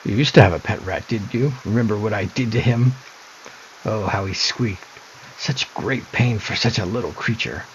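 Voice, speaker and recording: A man's voice: on the low side, moderate pace, dull audio, a little hiss or hum, close to an everyday voice. A man doing a cruel, taunting sister. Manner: taunting, sing-song sneer. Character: cruel, mocking young woman, obsessed with mirrors.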